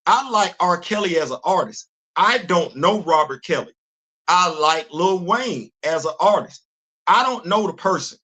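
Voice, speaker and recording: A man's voice: high-pitched, bright, forceful tone. An older man hosting a livestream commentary show, talking with animation and repeating words as he starts sentences. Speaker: host.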